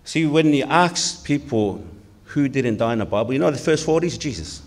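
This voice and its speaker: A man's voice: medium pitch, animated, moderate pace. A male pastor from Tonga preaching a sermon in a church, earnest, putting questions to the congregation.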